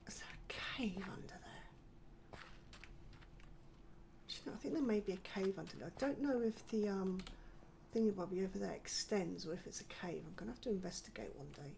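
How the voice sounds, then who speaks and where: Gravelly older British woman muttering to herself. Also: medium pitch, quick pace, warm tone, a little hiss or hum. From United Kingdom. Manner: talks to herself, scolds herself, drops to muttering whispers. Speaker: gaming channel host. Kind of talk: casual gameplay commentary.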